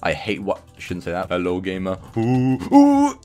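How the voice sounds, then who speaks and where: A man's voice: deep voice, wildly swooping pitch, measured pace, dark tone, soft background music. A man giving sarcastic, self-mocking commentary over his own gameplay as a video host. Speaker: gaming YouTuber.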